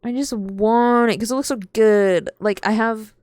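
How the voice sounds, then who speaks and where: A woman's voice: a little high, fairly even intonation, measured pace, darkish tone, no echo, clean studio sound. A young adult woman streaming a game from home, rambling and swearing casually and laughing often as she chats to viewers. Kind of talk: casual gaming stream chat.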